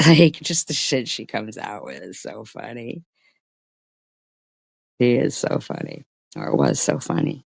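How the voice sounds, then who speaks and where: A woman's voice: a bass voice, big pitch swings, unhurried, creaky, pauses often, husky, no echo, studio quality. A middle-aged woman hosting a live-stream commentary, swearing, sarcastic and mocking, and drifting into chatty stories. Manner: chatty storytelling.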